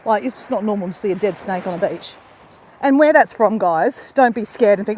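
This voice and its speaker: An Australian woman, a YouTuber on a live stream, walks along a beach and chats casually with viewers through a phone held at arm's length. Her medium-pitched voice is expressive, a little fast and a little mellow, and she laughs and speaks straight to her audience. The rough recording carries a bit of hiss or hum.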